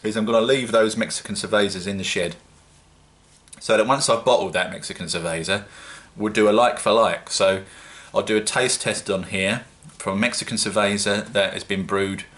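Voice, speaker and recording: Chatty British man, deep and bright. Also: steady tone, moderate pace. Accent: British English. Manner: chatty, rambling, self-mocking. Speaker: home-brewing vlogger. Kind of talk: casual solo vlog.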